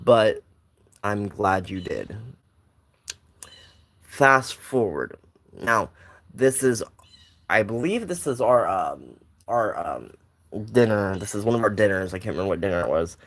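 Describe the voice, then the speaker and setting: A man's voice: on the low side, very animated, unhurried, long pauses. Young man rambling through a story. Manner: rambling, with many restarts and asides. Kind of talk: casual personal storytelling.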